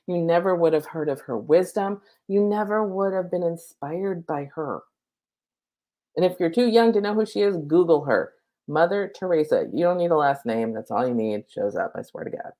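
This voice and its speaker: Middle-aged woman, lowish voice, spiritual coach live-streaming a lesson on a laptop mic; loose, chatty, swears freely. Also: darkish tone. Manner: casual, chatty and profane, lots of "like".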